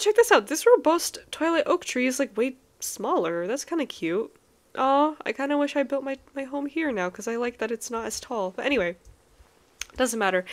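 Excitable woman with a lively, high voice. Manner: excitable, gasping and exclaiming often. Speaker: let's play host. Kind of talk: casual gameplay commentary.

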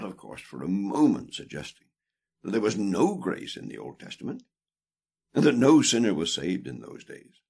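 A man with a low, husky voice reads a theology book aloud for an audiobook. His delivery is deliberate and emphatic, leaning hard on key words, and his pitch rises and falls a great deal. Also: a little mellow. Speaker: audiobook reader.

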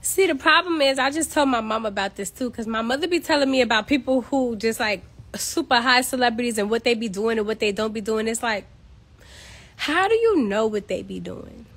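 A woman's voice: fairly high pitch, animated, fairly quick, a bit bright. A woman from Queens, ranting bluntly and with exasperation on a casual phone livestream from home. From Queens, New York. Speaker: social media personality.

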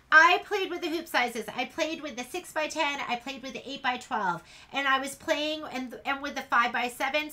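A woman's voice: high-pitched, fairly bright tone. A woman teaching a casual sew-along in her sewing room, chatty and rambling as she works. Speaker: sewing instructor.

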